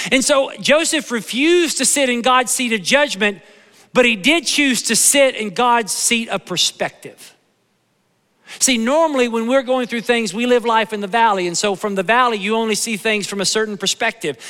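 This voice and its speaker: High-pitched, bright preacher. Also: male voice, long reverb tail. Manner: folksy, emphatic preaching with humor and repetition. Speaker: pastor. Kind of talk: sermon. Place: church sanctuary.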